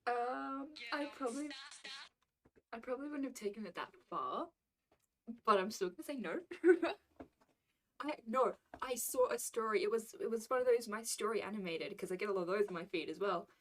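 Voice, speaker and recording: A woman's voice: fairly high pitch, animated, normal speed, slight background noise. A young adult woman streamer chatting casually and reacting to stories, rambling and laughing often.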